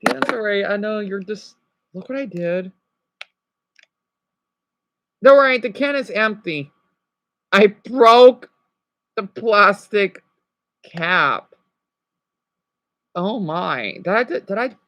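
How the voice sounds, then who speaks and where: A man's voice: high voice, animated, a bit bright, no echo. Rambling, profane young man ranting. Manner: rambling, profane, quick to apologize. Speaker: live streamer. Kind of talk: live stream rant.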